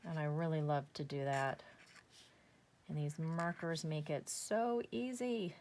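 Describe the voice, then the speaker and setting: A woman hosts a casual craft tutorial, chatting enthusiastically as she works through each step and talking to herself along the way. Her low voice is unhurried and a little mellow, with a faint hiss or hum in the background.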